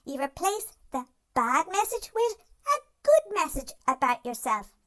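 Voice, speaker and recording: A gentle, caring cartoon dog, voiced by a performer, offers self-help advice in scripted narration. The voice sits high and swoops with lively ups and downs. It speaks slowly and soothingly, addressing the listener directly. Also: full character voice.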